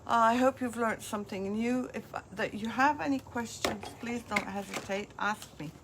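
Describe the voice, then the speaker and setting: A woman's voice: fairly high pitch, normal speed, noisy background. A woman hosting a live craft demonstration, chatting as she walks viewers through each step. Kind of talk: live craft product demo.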